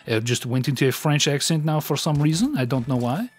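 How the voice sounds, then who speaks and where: A man's voice: medium pitch, brisk, faint music behind. Self-deprecating man commenting on gameplay. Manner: self-deprecating, rambling with many fillers. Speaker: let's play host.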